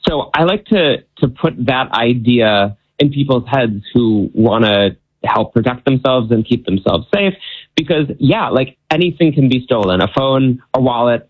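A male guest heard over a slightly muffled, lo-fi remote line. He speaks at an even, middle pitch, relaxed and explanatory, with a dry, self-amused touch. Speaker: guest magician. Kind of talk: casual interview answers.

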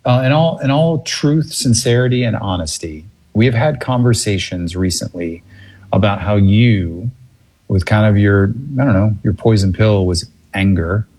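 Low husky-voiced male host, relaxed and rambling, call-in radio. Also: moderate pace. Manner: laid-back, searching for words. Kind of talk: casual radio talk. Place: remote location away from studio.

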